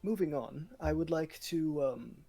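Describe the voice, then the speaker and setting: A man voicing a tall, formal lord who gives a slow, ceremonious speech at a feast in a tabletop game. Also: a little high, gravelly, mellow, soft background music, voice pushed up.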